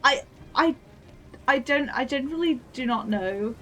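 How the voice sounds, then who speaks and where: A woman's voice: high-pitched, lively intonation, measured pace, sharp tone, soft background music. A young adult woman streaming a game, chatting casually and thinking aloud in a flustered, giggly way. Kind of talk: casual live-stream gameplay chat.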